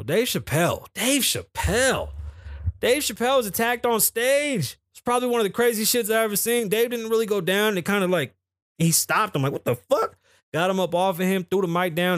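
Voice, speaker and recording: A man hosting a podcast from a home streaming setup, swinging between loud bursts and low, grumbling asides. His voice sits a little high for a man. The sound is close and dry into a studio mic, with almost no room around it. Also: no room sound. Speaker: podcast host. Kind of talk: solo livestream podcast commentary. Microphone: studio microphone.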